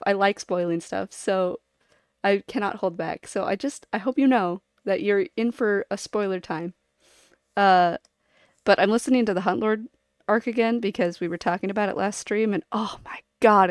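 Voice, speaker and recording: A woman's voice: medium pitch, animated, a little slow, no room sound, clean studio sound. A woman streamer chatting casually to her viewers, rambling and giggling as she jumps from one topic to the next.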